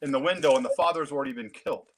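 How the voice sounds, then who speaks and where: A man, telling stories in a casual, animated way on a video call. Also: mid-range voice, racing. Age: 50s. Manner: storytelling, animated. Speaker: comic collector guest. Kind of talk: casual chat.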